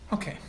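A man gives an academic lecture, reading a prepared text with hesitant asides. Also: fairly bright tone. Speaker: academic speaker. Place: lecture room. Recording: echoey room, faint background noise.

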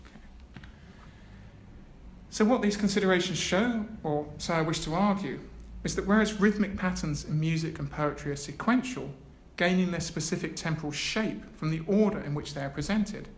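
A man's voice: a little high, moderate pace. Man giving a lecture. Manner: reads a prepared text, with hesitant asides. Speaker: academic speaker. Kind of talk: academic lecture. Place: lecture room. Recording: echoey room, faint background noise.

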